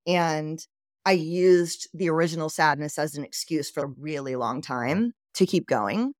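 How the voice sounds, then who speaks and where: A woman's voice: low voice, unhurried, no echo, studio quality. A woman from the southern United States, a podcast guest, telling her life story candidly and acting out the dialogue as she goes. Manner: candid, animated retelling with quoted dialogue and laughs. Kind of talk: personal storytelling interview.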